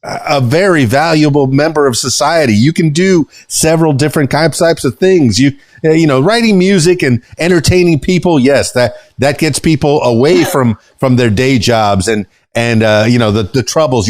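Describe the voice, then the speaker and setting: A man hosting a podcast interview, talking in a rambling way with lots of pauses and fillers. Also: medium pitch, no echo. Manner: warm-hearted, rambling, many uh fillers. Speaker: podcast host. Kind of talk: casual interview chat.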